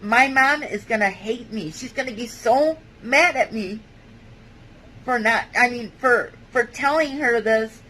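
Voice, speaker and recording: A woman vlogger giving a halting, hesitant personal testimony, with many fillers and restarts. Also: a little high, sharp tone, slight background noise, poor audio.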